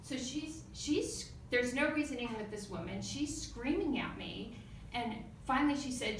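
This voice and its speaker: Woman from the US, high voice, storytelling speech, animated with loud outbursts, echoey room, distant mic. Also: normal speed, a little hiss or hum. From United States. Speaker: club speaker. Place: meeting room.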